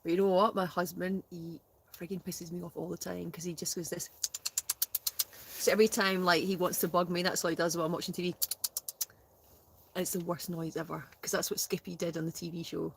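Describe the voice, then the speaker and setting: A woman's voice: lowish voice, little pitch movement, brisk, gravelly, a little hiss or hum. A woman chatting casually in a smoky tent on a live stream, reading out comments and laughing often. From Scotland. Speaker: guest, host's sister.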